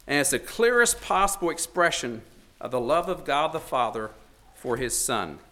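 Bright-voiced man preaching earnestly. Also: on the high side, expressive, moderate pace, a little hiss or hum. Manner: earnest, emphatic preaching that swells and drops. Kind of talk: sermon.

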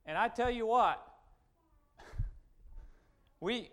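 A man preaching a sermon, emphatic and repetitive, swinging from loud urgent points to quiet asides. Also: fairly high pitch, animated, normal speed, slight background noise. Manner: emphatic, repetitive restarts, rising and falling sharply.

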